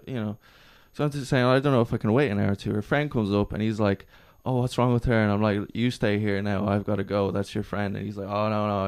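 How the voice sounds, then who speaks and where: A man's voice: fairly low pitch, quick pace, few pauses, clean tone. A man chatting casually on a podcast, telling a story and acting out the people in it. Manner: animated storyteller acting out quotes. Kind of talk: casual chat, anecdote.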